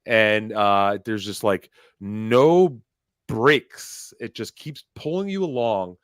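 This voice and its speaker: A man's voice: fairly low pitch, slow, fairly bright tone, clear, resonant tone, no room sound, clean studio sound. Rambling, profane man in casual chat. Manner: rambling, profane, emotional, many fillers. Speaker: host.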